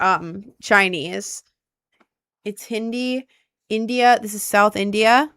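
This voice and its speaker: Young female streamer, slightly high and smooth-voiced, thinking aloud while guessing locations, dry close sound. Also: a bit bright, no echo. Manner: thinking aloud, asks chat for help. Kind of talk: casual gameplay commentary.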